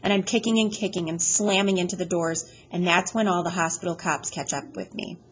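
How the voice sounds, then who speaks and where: A woman reading a first-person audiobook chapter aloud in a plain, steady storytelling manner. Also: lowish voice, brisk, a little hiss or hum, rough recording. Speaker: audiobook reader.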